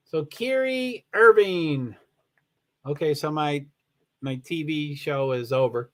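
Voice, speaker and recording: A man's voice: fairly high pitch, a bit bright. Rambling man hosting a live stream. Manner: rambling, halting and self-correcting. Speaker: livestream host. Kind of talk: casual commentary on a live stream.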